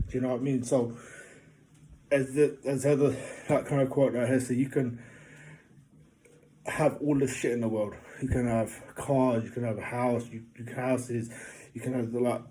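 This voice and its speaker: A man giving a casual motivational talk, rambling and often asking if the listener knows what he means, getting animated in funny stories. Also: mid-range voice, moderate pace. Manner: rambling, keeps asking "do you know what I mean". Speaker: motivational vlogger.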